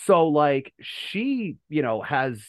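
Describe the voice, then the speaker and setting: A man's voice: a little high, sing-song, slow pace, no room sound. A man from the United States hosting a casual fan podcast, rambling and correcting himself with lots of fillers. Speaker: podcast host.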